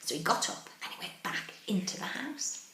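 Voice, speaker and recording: A woman teacher reading a picture book aloud to young children, animated, asking them questions and dropping into whispers. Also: normal speed, slight background noise. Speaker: early-years teacher. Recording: roomy echo.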